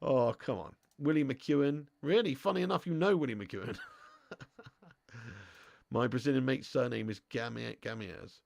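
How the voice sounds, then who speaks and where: A man's voice: medium pitch, normal speed, gravelly, pauses often, a little mellow, no echo. A young man hosting a live football watch-along, bantering with his chat, swearing and laughing often.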